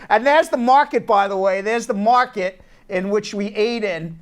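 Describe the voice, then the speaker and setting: An immigration attorney hosts a casual talk show from a law office, telling animated stories in a high voice at a slow pace. He often repeats words as he restarts his sentences.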